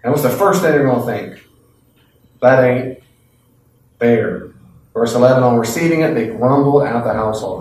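A man teaching a Bible class, lively and folksy, acting out voices from the story. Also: medium pitch, moderate pace, long pauses, a little hiss or hum. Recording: echoey classroom from a distant mic.

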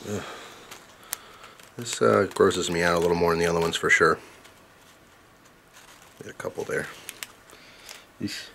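Low-voiced guy vlogging a bug tasting. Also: steady tone, a little slow, vocal fry, long pauses, bright, forceful tone, slight background noise. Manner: chatty, wry, talks to his dog between bites. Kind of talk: casual vlog, tasting food on camera. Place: indoors at home, camera on tripod.

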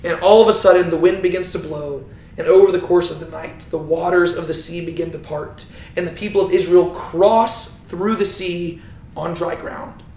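A man's voice: high-pitched, fairly even intonation, normal speed, darkish tone. A man teaching a Bible lesson, telling the story with animation and often checking in with "right?". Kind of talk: teaching talk. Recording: roomy echo.

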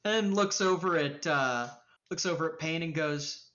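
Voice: mid-range voice, unhurried, fairly bright tone. A game master narrating a tabletop game in a loose, profane way with lots of filler, on dull lo-fi stream audio.

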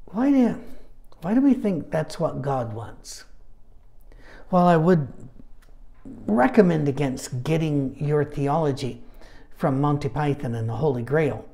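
A man's voice: fairly high pitch, creaky, mellow. A man teaching a midweek Bible study in a chatty, anecdotal way, with humorous asides.

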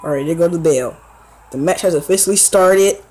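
A man's voice: a little high, brisk, breathy edge, low-quality recording. A young man giving casual, slangy play-by-play commentary on his own wrestling video game match. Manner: slangy, excitable play-by-play with fillers. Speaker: gaming YouTuber.

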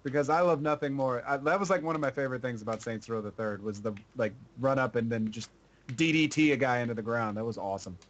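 A man's voice: mid-range voice, quick pace, fairly bright tone, lo-fi sound. A young man co-hosting a casual gaming chat, joking and laughing often. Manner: joking, laughs often, breaks into sung lines. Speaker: gaming show co-host.

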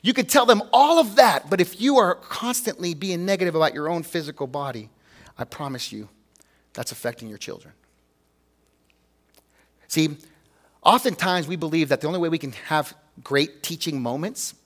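A man's voice: fairly high pitch, normal speed, long pauses, fairly bright tone. A man preaching a sermon as a pastor, earnest and emphatic, talking to the congregation conversationally and asking rhetorical questions.

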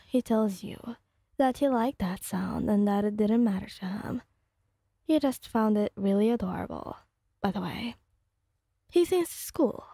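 A woman's voice: fairly high pitch, mellow, slightly rough, dry recording, studio quality. A woman casually narrating a second-person fan story in a loose, rambling way.

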